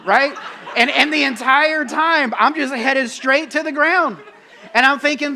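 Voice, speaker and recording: A man preaching a sermon, telling a story in an animated, self-mocking way and acting out his own panic. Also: very high-pitched, unhurried. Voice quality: bald-headed, bearded. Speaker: pastor.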